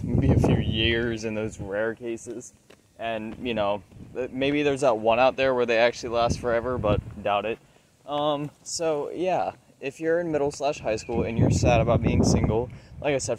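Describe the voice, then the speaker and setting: A breathless man rants through a profane, rambling vlog while walking outdoors. His voice sits at an ordinary middle pitch, and loud wind noise batters the mic. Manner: profane, rambling rant with many fillers. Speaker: vlogger. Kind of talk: casual ranting vlog.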